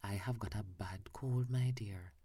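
Woman doing a sly wicked wolf faking granny, low husky whispered role-play, real slow. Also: dark tone, no room sound, heavily acted.

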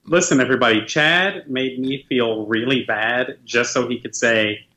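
Bright-voiced man, dry teasing co-host. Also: medium pitch, normal speed. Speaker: podcast co-host. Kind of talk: casual podcast chat.

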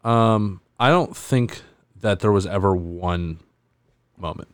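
A young man chatting casually, halting and restarting often as he talks. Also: deep voice, smooth, no echo. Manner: halting, with many fillers and restarts. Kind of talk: casual chat.

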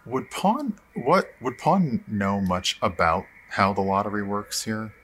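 A man's voice: lowish voice, animated, unhurried, fairly bright tone, slightly rough. A man playing a tabletop game, thinking aloud in a rambling way with many fillers. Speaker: player. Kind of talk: tabletop role-play chat.

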